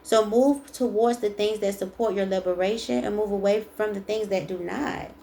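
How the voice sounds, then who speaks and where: Chatty and emphatic, a tarot reader reads card texts aloud during a casual spiritual session and repeats the key lines. She speaks at a normal speed in a warm, creaky, mid-range voice. A little hiss or hum sits under the audio.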